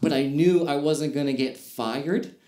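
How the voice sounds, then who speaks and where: A man's voice: a little high, measured pace, a little mellow, echoey room. Wry man telling stand-up stories. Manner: self-deprecating storytelling, wry asides. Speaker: stand-up comedian. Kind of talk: stand-up comedy set.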